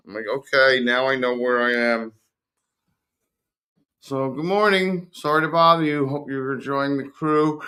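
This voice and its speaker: A man's voice: mid-range voice, moderate pace, fairly bright tone. A man in his fifties hosting a livestream, rambling casually and retelling his own thoughts. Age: 50s. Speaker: host of a livestream. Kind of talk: casual chat to viewers.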